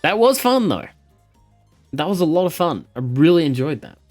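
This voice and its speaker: Animated, swearing streamer with faint music. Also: male voice, on the high side, normal speed. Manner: animated, swearing, laughing at the game. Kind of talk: casual live-stream chat.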